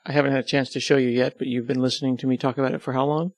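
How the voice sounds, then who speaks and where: Gravelly joking man. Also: medium pitch, flat delivery, rapid-fire, no echo. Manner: joking, self-deprecating, rambling. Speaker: podcast host being interviewed. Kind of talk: casual conversational podcast.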